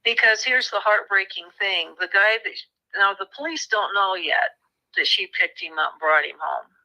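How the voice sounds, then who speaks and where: A woman's voice: medium pitch, normal speed, poor audio. A woman author recounting a true crime case as a guest, telling it as a story and acting out the people she quotes. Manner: animated, acts out quoted voices. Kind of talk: conversational storytelling.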